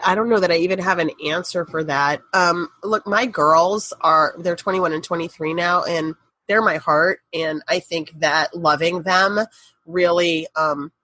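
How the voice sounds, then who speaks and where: A middle-aged woman, a podcast guest, telling a personal story in a candid, animated way and swearing casually. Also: lowish voice, no echo.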